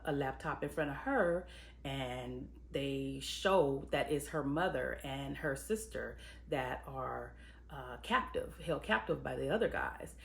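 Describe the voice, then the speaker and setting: Low-voiced woman recapping a TV episode. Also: creaky. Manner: chatty and conversational, with frequent "um" and "you know"; analytical, weighing craft choices. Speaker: TV episode reviewer, screenwriter and producer. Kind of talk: casual spoken episode recap and commentary.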